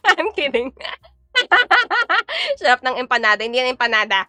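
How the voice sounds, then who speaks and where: A chatty young Filipino woman hosts a cooking stream, answering viewers' comments as she goes. Her voice sits a little high and rings bright, with a Filipino accent. The sound is close and dry, with soft music playing underneath. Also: sing-song, normal speed, no room sound. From Philippines. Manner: chatty, reads chat aloud and answers viewers; mixes Tagalog and English. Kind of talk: casual live-stream chat while cooking.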